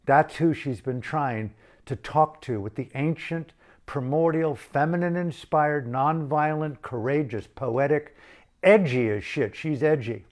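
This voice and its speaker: A man's voice: on the high side, measured pace. An older man giving an impassioned activist monologue, fervent and rhetorical, building long repeated lists. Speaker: activist speaker.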